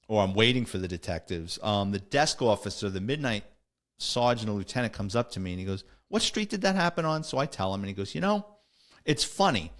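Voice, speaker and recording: Blunt New man telling stories. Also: fairly low pitch. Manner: streetwise, blunt, matter-of-fact storytelling. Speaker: podcast host, retired police officer. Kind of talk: casual storytelling.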